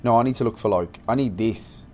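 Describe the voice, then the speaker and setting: A man from Britain giving excitable, swear-heavy let's play commentary, talking to himself as he plays. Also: medium pitch, brisk, a little hiss or hum. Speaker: gaming channel host.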